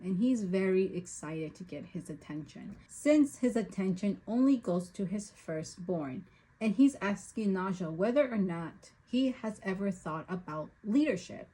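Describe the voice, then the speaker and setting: A woman's voice: mid-range voice, mellow, low-quality recording. A woman recapping and reviewing a book, often exasperated and ranting at the story's choices.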